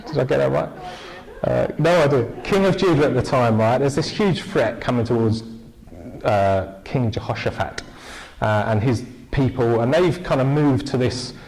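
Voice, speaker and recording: A man's voice: mid-range voice, normal speed, creaky, a little mellow, low-quality recording. A man preaching an informal, jokey church sermon, chatting with the congregation and asking them questions.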